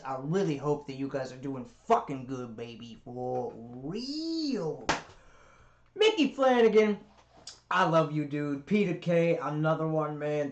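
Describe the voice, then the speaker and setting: A man's voice: on the high side, reverberant, dull audio. A man hosting a reaction video, talking in a laid-back, hyped way and swearing freely. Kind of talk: casual reaction chat.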